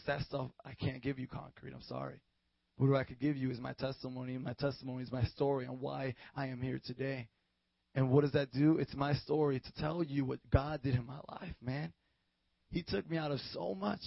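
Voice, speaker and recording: A young adult man with a mid-range voice and vocal fry gives his testimony from a podium as a sermon, starting casual and slangy before building to fervent. The podium-mic audio is dull, with no room sound.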